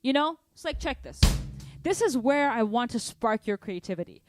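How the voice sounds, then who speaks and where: A lively young woman with a slightly high voice runs a drum lesson from her home, counting stickings out loud. Her chatty, energetic talk sits over a drum kit that is playing. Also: moderate pace, dry recording, studio quality, faint music behind. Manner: energetic, counts and sings rhythms aloud. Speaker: drum teacher. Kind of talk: live-streamed drum lesson.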